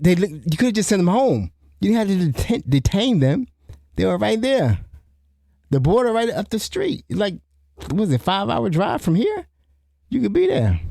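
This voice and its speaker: Solo podcast host, middle-aged man, very mellow tone, rambling conversational delivery. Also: on the high side, no room sound, clean studio sound. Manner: rambling, restarts often, asks "you know what I'm saying?". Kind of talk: solo commentary.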